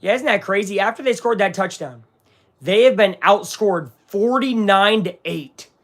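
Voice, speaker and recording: A man hosting a casual live watch-along of a football game, excitable and swinging between hype and grumbling. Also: sits high, normal speed. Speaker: live-stream sports watch-along host.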